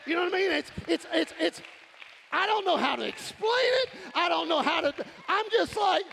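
A man preaches with a high, gravelly voice. His sermon is animated, and he often breaks into shouts. A long reverb from the sanctuary and a faint congregation sit behind him. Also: normal speed, a little hiss or hum. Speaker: pastor. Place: large church sanctuary. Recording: crowd in a reverberant church hall.

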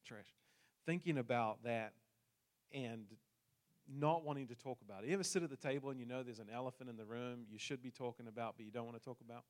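A man's voice: mid-range voice, fast talker. A man from New Zealand with a New Zealand accent, telling a personal story in a sermon with jokes for the congregation. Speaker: pastor.

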